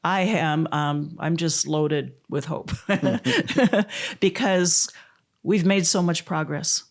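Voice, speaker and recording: A woman's voice: low voice, very slow. A middle-aged woman from Missouri, a volunteer advocate telling a story in an interview, laughing often and close to tears.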